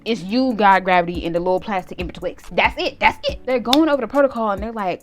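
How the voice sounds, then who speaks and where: Young woman doing a storytime vlog, kinda high voice, slangy, gets loud and laughs a lot, faint music behind. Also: quick pace, few pauses. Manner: animated, laughing, swings into loud shouted reenactments. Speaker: vlogger.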